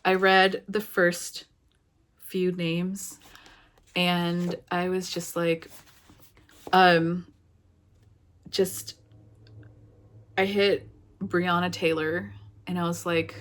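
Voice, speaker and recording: A young adult woman giving a casual book review vlog, talking in an emotional, halting way with many fillers and restarts. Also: lowish voice, level tone, a little hiss or hum.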